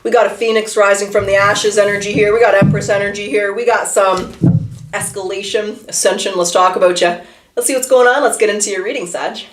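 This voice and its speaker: A woman giving a casual tarot reading, chatty and animated, talking straight to the viewer from a room at home. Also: mid-range voice, brisk, reverberant, faint music behind. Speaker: tarot reader. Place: room at home, seated in a chair.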